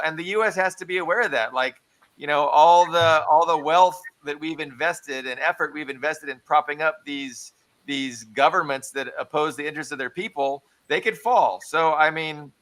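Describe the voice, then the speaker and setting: A man's voice: on the high side, normal speed, pushed and bright. A man co-hosting a casual political discussion podcast, talking earnestly and thinking aloud. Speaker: podcast co-host.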